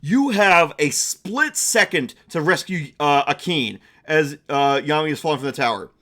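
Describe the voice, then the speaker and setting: A man's voice: on the high side, animated, bright, forceful tone. Chatty young man running a game. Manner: chatty, quick asides, laughs at own jokes. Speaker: game master and streamer. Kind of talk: live-streamed tabletop game narration.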